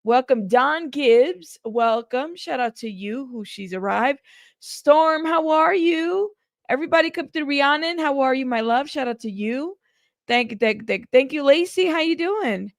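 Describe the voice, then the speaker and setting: A woman's voice: high-pitched, animated, measured pace, dry recording, studio quality. A woman hosting a casual news livestream, chatty and greeting her viewers one by one by name.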